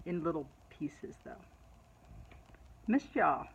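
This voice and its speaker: A middle-aged woman vlogging to her followers, telling a personal story in a chatty, animated way. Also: sits low, slow pace, breathy edge, lo-fi sound. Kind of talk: casual personal storytelling to camera.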